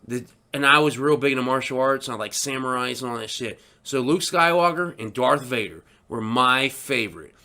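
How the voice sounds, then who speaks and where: A man co-hosting a casual podcast, excitable and profane, acting out his own loud reactions. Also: mid-range voice, a little fast, hardly any pauses. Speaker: podcast co-host.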